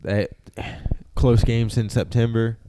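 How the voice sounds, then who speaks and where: A man's voice: medium pitch, flat delivery, slow, noisy background. A man co-hosting a sports podcast, cocky and swearing in casual banter. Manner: cocky, swears, repeats himself. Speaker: podcast co-host.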